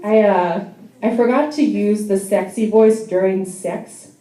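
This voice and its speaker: A woman's voice: mid-range voice, steady tone, a little slow, mellow, roomy sound, rough recording. A young adult woman doing a stand-up comedy set in a bar, telling wry, self-deprecating stories. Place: bar venue.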